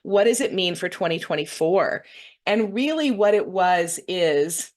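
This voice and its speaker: A woman's voice: lowish voice, lively intonation, a little slow, darkish tone. A woman hosting her own reading show, earnestly recounting a meditation vision to her viewers in a meandering, heartfelt way, often checking in with "okay?" and "right?". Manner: heartfelt, openly moved. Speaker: intuitive reader hosting a weekly show.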